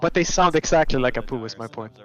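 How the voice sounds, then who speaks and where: A man's voice: medium pitch, animated, quick pace, muffled recording. A man chatting casually with a streamer over a voice call, hesitant and restarting his sentences. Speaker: guest on call. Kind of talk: casual chat.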